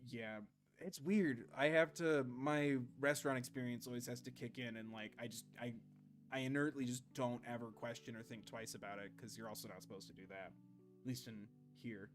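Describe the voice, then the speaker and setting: A young man streaming a game live, chatting casually with quick jokes and asides while reading the game text aloud. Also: medium pitch, fairly even intonation, faint music behind.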